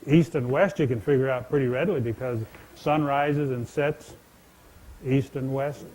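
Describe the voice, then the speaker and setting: A man's voice: medium pitch, fairly even intonation, moderate pace, a little mellow, low-quality recording. A man telling traditional legends to a live audience from a stage, folksy and conversational, speaking straight to his listeners. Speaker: storyteller and speaker. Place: stage in a large indoor venue.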